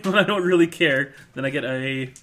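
A man's voice: medium pitch, measured pace, fairly bright tone. A man playing a tabletop game, making wry, teasing remarks. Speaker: player. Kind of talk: tabletop role-play chat.

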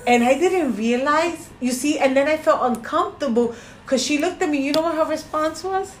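Animated woman in an echoey room. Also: high voice, moderate pace, few pauses. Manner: animated storyteller, laughs often. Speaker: podcast co-host. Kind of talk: casual chat. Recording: echoey room, faint noise.

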